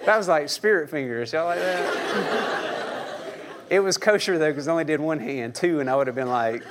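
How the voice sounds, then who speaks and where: A man's voice: a little high, normal speed, a crowd in the background. Joking, conversational male preacher. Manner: conversational, joking, asks the audience questions. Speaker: pastor. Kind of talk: sermon.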